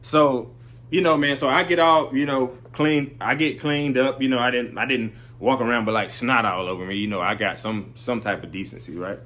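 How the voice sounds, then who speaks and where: A middle-aged man spins a casual story in a loose, rambling way. He keeps tossing in little check-ins, and his voice sits at an ordinary, middle pitch for a man. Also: fairly even intonation, moderate pace, a bit bright.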